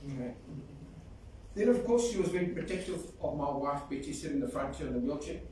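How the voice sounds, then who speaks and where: Warm-toned and fairly high-pitched, this man talks fast with lively intonation while giving a fond, story-filled eulogy and singing a folk song. He's at a funeral in a large echoing hall, recorded distantly with faint noise.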